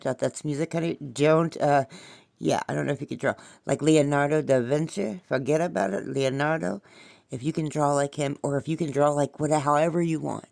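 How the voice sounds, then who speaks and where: Woman host with a gravelly voice, loose and rambling, spiritual, swears a lot. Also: low voice, a little mellow. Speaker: podcast host. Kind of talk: rambling casual monologue.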